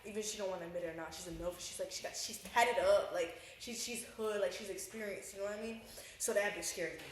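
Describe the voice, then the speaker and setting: A woman's voice: medium pitch, fast talker. Young woman podcaster rattling off a story, cussing a lot, super echoey room with a bit of hiss. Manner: animated storytelling, acts out quotes, swears freely. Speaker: podcast co-host. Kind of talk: casual chat. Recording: echoey room with faint noise.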